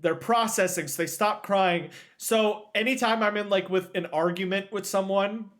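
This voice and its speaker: A man's voice: high voice, steady tone, normal speed, fairly bright tone. A man co-hosting a casual podcast, telling rambling jokes and tripping over his words now and then. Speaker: podcast co-host. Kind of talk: casual chat.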